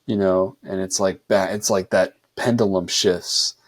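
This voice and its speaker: A man's voice: low-pitched, fairly even intonation, unhurried. A man hosting a podcast in a casual, laid-back way, peppering his talk with "dude" and "like.". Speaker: podcast host.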